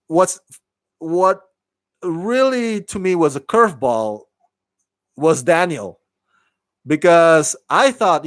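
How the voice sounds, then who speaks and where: A man giving a casual, animated solo review of a TV episode, swearing freely and acting out the characters' lines. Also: on the high side, dry recording. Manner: animated, swears freely, laughs, acts out quotes. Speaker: TV show reviewer.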